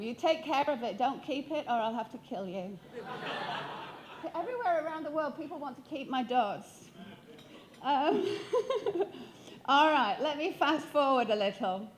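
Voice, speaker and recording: A Yorkshire woman from England in her fifties gives a motivational keynote on stage, telling stories with humor and playfulness and asking the audience questions. Her voice is a little high, with slight background noise.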